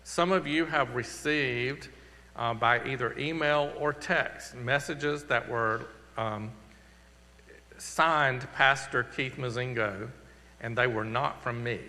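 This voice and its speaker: A man's voice: mid-range voice, bright, forceful tone. A man with a Southern accent, a pastor giving earnest, conversational church announcements and a closing prayer. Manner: earnest, conversational, slowing for emphasis. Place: church sanctuary. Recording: long reverb of a church hall.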